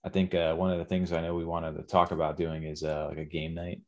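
A tired man co-hosts a late-night podcast in a very low, flat voice. His talk is laid-back and slangy, with lots of casual asides to his co-hosts and listeners. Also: quick pace, slight background noise. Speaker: podcast co-host.

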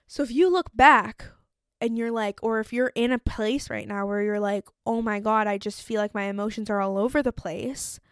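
A young woman hosts her own solo podcast, chatting casually, sprinkling in lots of "like" and acting out her own inner voice. Her voice is on the high side, recorded with no echo in studio quality.

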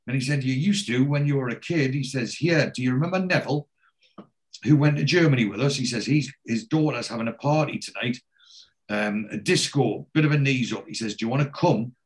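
A man hosting a casual podcast, retelling a TV episode scene by scene and quoting the characters' lines, with a steady "he says" between quotes. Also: medium pitch, a little fast. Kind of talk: casual chat recapping a TV episode.

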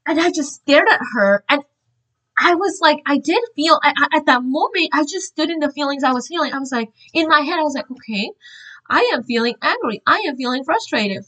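A woman earnestly sharing a religious testimony, telling her story in an animated, informal way with frequent fillers and restarts. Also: high voice, fairly quick, poor audio.

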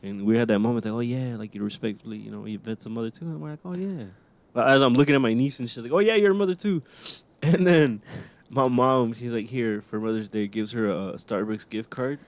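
A man's voice: medium pitch, fairly even intonation, brisk. A man co-hosting a podcast, telling stories in casual chat, laughing often and swearing freely. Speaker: podcast co-host.

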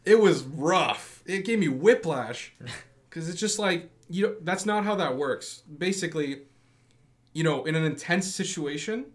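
A man's voice: fairly high pitch, unhurried. A young man co-hosting a casual podcast, telling stories animatedly and laughing often. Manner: animated storyteller, acts out quotes, laughs often. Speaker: podcast co-host. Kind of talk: casual chat.

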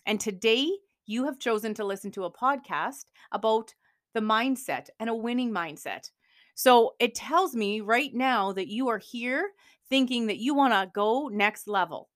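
Energetic woman coaching on mindset. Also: on the high side, unhurried, no echo, clean studio sound. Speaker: podcast host. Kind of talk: motivational podcast talk.

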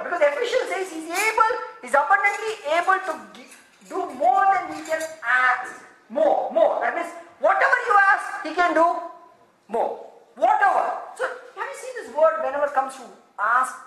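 A man preaching a sermon in an animated way, laughing and acting out quotes as he goes. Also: extremely high pitch. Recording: very echoey hall.

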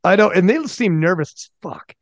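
A man hosting a podcast, talking in an animated way with stumbling restarts and swearing. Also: high voice, normal speed, no room sound. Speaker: podcast host. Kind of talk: casual podcast chat.

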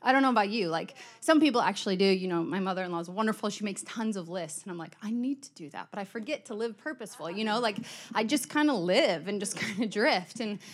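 A woman's voice: medium pitch, fast talker. A middle-aged woman giving a conversational sermon, chatty and storytelling, acting out quoted exchanges. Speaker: church speaker.

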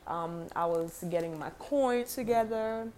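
Young woman, low-pitched voice, casual animated storytelling, slangy, faint background hiss. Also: unhurried. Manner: animated, acts out quoted dialogue, slangy.

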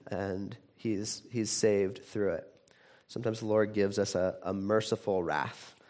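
A man preaching a sermon in a conversational way, with frequent restarts, who grows animated when he retells a story. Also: fairly low pitch. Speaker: pastor.

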